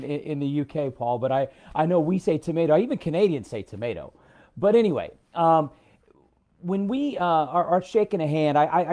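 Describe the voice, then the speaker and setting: An American man hosting a live stream in a loose, rambling way, stopping often to greet viewers by name. His voice is warm and mellow and sits a bit high for a man. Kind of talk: casual live-stream talk.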